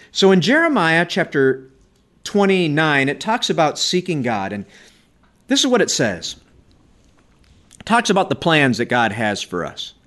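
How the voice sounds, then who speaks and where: A man's voice: on the high side, fairly bright tone. A man preaching a sermon with impassioned, emphatic delivery, repeating phrases for effect. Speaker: pastor.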